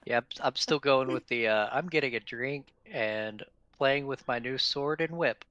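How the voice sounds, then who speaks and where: A man's voice: medium pitch, moderate pace, sharp tone, lo-fi sound. A man playing a tabletop game, talking in a laid-back casual way. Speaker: player.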